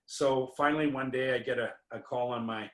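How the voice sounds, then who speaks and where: This winery owner, interviewed as a guest, tells a wandering story marked by frequent fillers and restarts. His mid-range voice is brisk with fairly even intonation, captured with a roomy echo.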